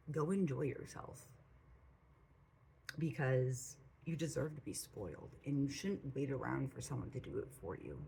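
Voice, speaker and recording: Gravelly low-voiced woman giving blunt advice. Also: a little mellow, slight background noise, rough recording. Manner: blunt and profane, repetitive emphatic phrasing. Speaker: spiritual channel host. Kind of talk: casual spiritual advice monologue. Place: home room with a cat.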